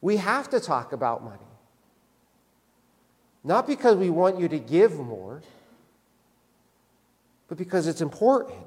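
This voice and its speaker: A man's voice: on the high side, big pitch swings, unhurried, long pauses, darkish tone, big-room sound. A male pastor preaching a sermon in a church, conversational, often tagging his points with "right?". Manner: conversational, repeats "right?" for emphasis. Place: church sanctuary.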